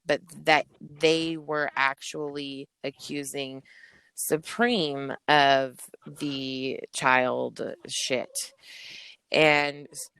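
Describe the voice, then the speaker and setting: A woman's voice: rumbling low, extremely slow, vocal fry, smooth, dry recording. A woman rapper guesting on a podcast, telling a story in a blunt, casual way with lots of swearing. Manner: blunt, heavy swearing, animated retelling.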